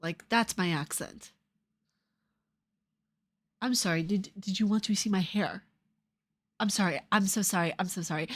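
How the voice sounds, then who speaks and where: A woman with a New Jersey and New York accent talks casually to her livestream chat. She is sarcastic and profane, swinging from loud retorts to low mutters. Her voice sits at an ordinary middle pitch. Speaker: streamer.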